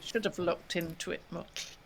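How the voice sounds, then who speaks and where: Older woman guest, gravelly, giggly storyteller, faint hiss behind. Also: lowish voice, fairly even intonation, moderate pace. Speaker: guest author. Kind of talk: casual interview chat.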